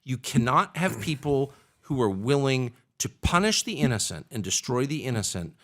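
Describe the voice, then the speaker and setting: A man's voice: mid-range voice, very animated, normal speed, fairly bright tone. A man who is a political commentator, speaking as an interview guest with emphatic, indignant rhetorical questions. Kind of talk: candid conversational interview.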